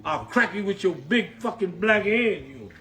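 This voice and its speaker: A man's voice: high-pitched, lively intonation, normal speed, a little hiss or hum. A man in a comedy sketch arguing angrily and cursing. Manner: angry, cursing, yelling back.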